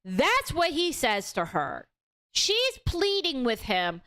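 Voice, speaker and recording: A young woman hosting a casual livestream movie review, animated and outspoken, swearing freely as she recounts the plot. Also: high-pitched, takes it slowly.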